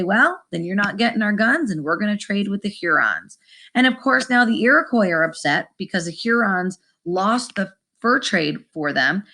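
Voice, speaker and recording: A woman's voice: medium pitch, creaky, fairly bright tone. A woman teaching a casual history video lesson in a chatty way, talking straight to her viewers. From United States. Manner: chatty, addresses viewers as guys.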